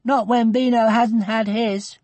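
A man voicing an earnest, bossy young girl in a storybook read-aloud, in a high, eager voice. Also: level tone, a little slow, darkish tone, no room sound. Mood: anxious.

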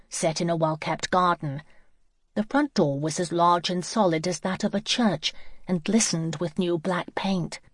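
A woman reading a novel aloud as an audiobook narrator, in a steady, measured voice, close to the mic. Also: fairly low pitch, no room sound. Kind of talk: scripted narration.

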